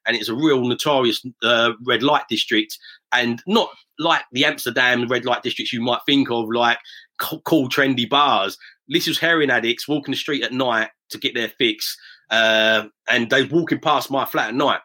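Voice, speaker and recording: A middle-aged man from near Romford, telling property-investing stories as an interview guest in a lively, anecdotal way. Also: mid-range voice, normal speed. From south-east England, near Romford. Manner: lively anecdotal, acts out quoted voices. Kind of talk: casual storytelling interview.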